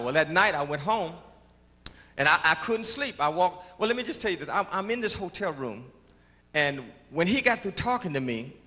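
A man giving his church testimony, halting and repeating words, then rising into shouts of praise. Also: fairly high pitch. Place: large church before a congregation. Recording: reverberant church hall with congregation.

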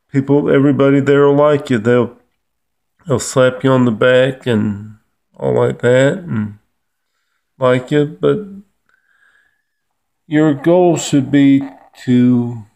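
A middle-aged man talking to camera in a halting, earnest monologue, often repeating words and restarting his sentences. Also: medium pitch, vocal fry, mellow. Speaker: vlogger. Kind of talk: rambling personal monologue.

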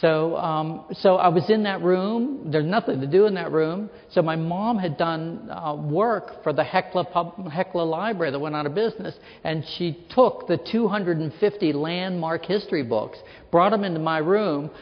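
A man from Western Pennsylvania giving a lecture as an author, telling humorous anecdotes and acting out the people in them. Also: fairly high pitch. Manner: anecdotal, acts out quoted people in his stories. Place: lecture hall. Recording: reverberant hall, dull lo-fi sound.

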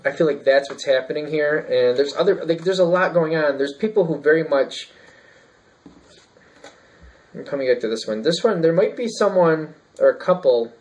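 A man with a somewhat high voice talks through a tarot reading in an easy, casual way. He rambles as he thinks aloud, with plenty of ums and restarts. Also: moderate pace, poor audio. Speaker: tarot reader.

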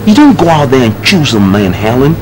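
A man's voice: medium pitch, sing-song, fairly quick, close to an everyday voice. An actor playing a cold, arrogant young man who lectures and talks down to his fiancée, in a film drama. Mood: condescending. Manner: lecturing, condescending. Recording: noisy film soundtrack.

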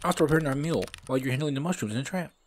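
A man's voice: fairly high pitch, rapid-fire, a little hiss or hum, voice pushed up, natural voice. A man voicing Bob, a cheerful, eager young man in a game, in a raised voice. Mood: chipper.

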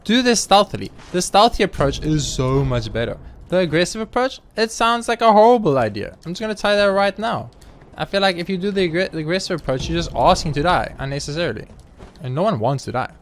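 A man's voice: high-pitched, very animated, fast talker, slight background noise. A young man commenting on his own gameplay, swearing heavily and ranting at the game. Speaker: let's play gamer. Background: game music.

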